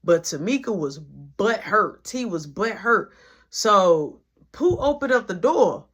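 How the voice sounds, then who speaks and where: A woman casually telling a story in slang, animated and full of quoted dialogue. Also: medium pitch, slow pace, breathy edge. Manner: slangy, animated retelling with many quoted lines.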